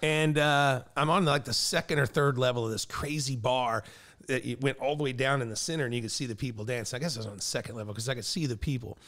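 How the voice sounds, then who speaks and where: A man in an average pitch hosts a loose, profane podcast conversation. He rambles through crude anecdotes, swearing as he goes. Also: fast talker, a bit bright. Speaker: podcast host. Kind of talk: casual profane chat.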